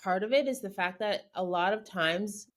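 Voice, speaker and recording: A young adult woman co-hosting a podcast in casual chat, talking in a chatty way full of quick asides and "like". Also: mid-range voice. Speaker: podcast co-host.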